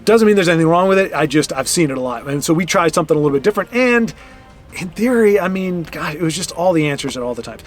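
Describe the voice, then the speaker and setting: A man's voice: on the high side, expressive, fast talker. Chatty man streaming, faint game music. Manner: chatty, rambling, talks at his opponent with mock outrage. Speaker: streamer playing a card game. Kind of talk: casual gameplay commentary.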